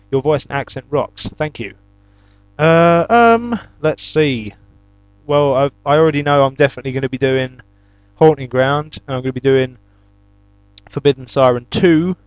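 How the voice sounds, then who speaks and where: A young British man hosting a YouTube gaming channel answers viewer questions and tells stories in a casual, chatty, exasperated way, now and then flaring into loud exasperated shouts. His voice is medium-pitched at a normal speed with long pauses, and the recording is muffled but has no echo.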